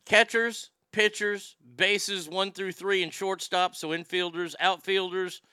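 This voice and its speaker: Blunt, profane man with a bright voice. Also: high voice, level tone, a little slow, clean tone, no room sound, studio quality. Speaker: host. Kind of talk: casual chat reading listener mail.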